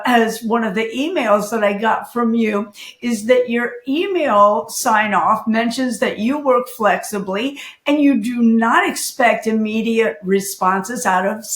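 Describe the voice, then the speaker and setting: A woman co-hosting an interview podcast, making measured, thoughtful remarks in a casual chat. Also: fairly high pitch. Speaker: podcast co-host. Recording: roomy, echoey sound.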